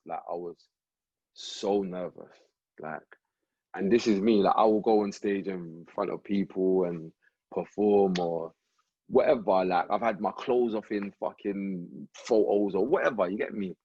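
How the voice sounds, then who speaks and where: A man, a podcast guest telling a story in a relaxed, slangy way, recorded with slightly muffled sound. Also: on the low side, husky, no echo. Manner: relaxed slangy anecdote telling, frequent "you get me". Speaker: rapper and actor guest. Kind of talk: casual storytelling interview.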